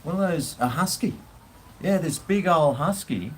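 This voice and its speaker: A man telling a casual, rambling story, with frequent pauses and casual swearing. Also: on the high side, lively intonation, a little hiss or hum, low-quality recording. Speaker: vlogger.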